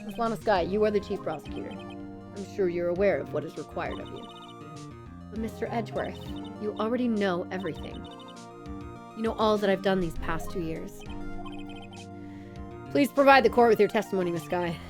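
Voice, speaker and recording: A woman's voice: mid-range voice, normal speed, long pauses, over music, lightly acted. A woman streamer voicing a stern, formal male prosecutor who commands a witness in court, reading game dialogue aloud.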